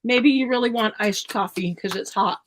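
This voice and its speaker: A woman chatting casually with her co-host during a craft session, lively and quick to laugh. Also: fairly high pitch, slight background noise, low-quality recording. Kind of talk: casual chat while crafting.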